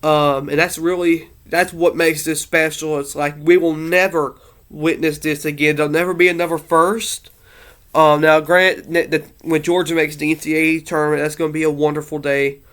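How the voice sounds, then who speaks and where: A man speaks in a loose, heartfelt monologue, circling back and restarting his sentences. He sounds a little emotional. His voice sits a bit high and comes through smooth and clear. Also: flat delivery, moderate pace, fairly bright tone. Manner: rambling, earnest, many fillers and restarts. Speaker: sports fan vlogger.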